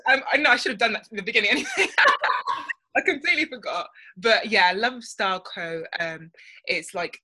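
A woman's voice: mid-range voice, expressive, fast, sharp tone. A young woman from the UK chatting as an interview guest, with lots of fillers like "like" and "you know". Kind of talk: casual interview chat.

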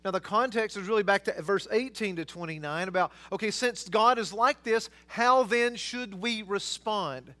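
A man preaching a sermon as pastor, earnest and emphatic, swinging between loud and quiet. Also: high voice, normal speed, few pauses.

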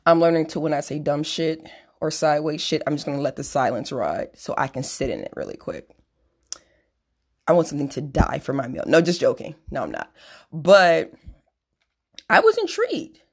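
Low-voiced woman ranting bluntly. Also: wildly swooping pitch, normal speed, long pauses, breathy edge. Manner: blunt, sarcastic, profane, self-deprecating. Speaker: podcast host. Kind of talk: profane solo rant.

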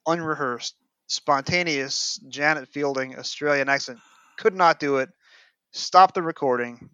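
New York host, bright forceful tone, dry close sound, slightly dull lo-fi audio. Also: male voice, mid-range voice, dry recording. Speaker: podcast host. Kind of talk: podcast chat.

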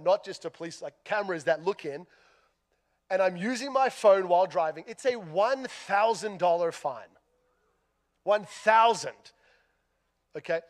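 An Australian man tells a funny, self-deprecating story during a sermon, lively and with big swings in loudness. His voice sits high.

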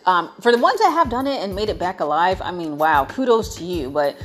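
A woman's voice: lowish voice, very animated, fairly quick. Chatty American woman vlogger. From United States. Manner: chatty, emphatic, playful repetition. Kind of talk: casual chat to viewers.

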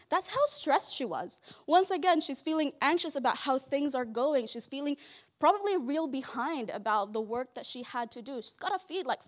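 A woman giving a casual, chatty Bible study talk, playful and full of "like" fillers. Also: sits high.

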